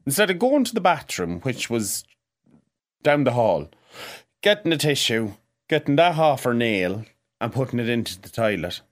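A man trades crude stories in casual podcast banter. His delivery is blunt and bawdy, with a lively, swinging pitch. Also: moderate pace. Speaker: podcast co-host.

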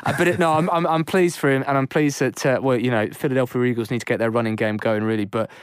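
A man's voice: medium pitch, fairly even intonation, fast talker, clean tone, dry recording, clean studio sound. A man with an English accent, co-hosting a casual sports podcast, chatty with lots of fillers and restarts. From England. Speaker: podcast co-host.

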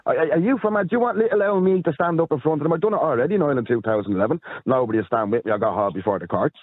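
A man's voice: fairly high pitch, expressive, very fast, breathy edge, no echo. An Irish man speaking as a guest on a heated talk-show panel, impassioned and indignant as he argues his point. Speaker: guest commentator. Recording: phone-line call-in audio.

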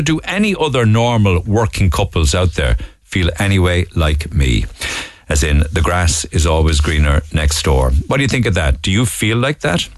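A man's voice: low voice, no echo. Chatty Cork man hosting talk radio. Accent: Irish, Cork. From Ireland. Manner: chatty, conversational, reading lists with asides. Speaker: radio show host. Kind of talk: talk radio, reading out listener texts. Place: radio studio.

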